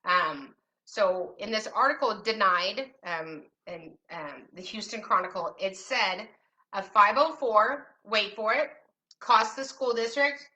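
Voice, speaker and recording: Bright-voiced woman, sarcastic and animated. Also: mid-range voice, takes it slowly. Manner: sarcastic, animated, teasing asides. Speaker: special education advocate and host. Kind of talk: casual talk to camera.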